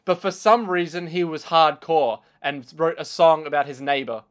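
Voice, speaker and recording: A young man co-hosting a podcast in casual chat, animated and jokey, going off on tangents and slipping into quick impressions. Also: a little high. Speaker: podcast co-host.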